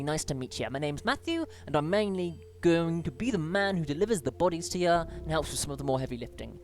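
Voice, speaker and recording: A British speaker in a relaxed let's play, reading in-game emails and letters aloud and breaking off for chatty asides. The voice sits at a middle pitch but jumps up now and then on greetings, and the reading has small stumbles and restarts. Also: brisk, faint music behind. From Britain. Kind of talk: casual gameplay commentary, reading on-screen emails aloud.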